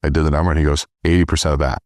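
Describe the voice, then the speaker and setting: A middle-aged man with a very deep voice tells stories at a rapid clip. He acts out both sides of every conversation with lively energy. The sound is dry and close. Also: no echo. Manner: animated storyteller acting out dialogue. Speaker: guest, sales trainer. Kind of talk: storytelling in interview.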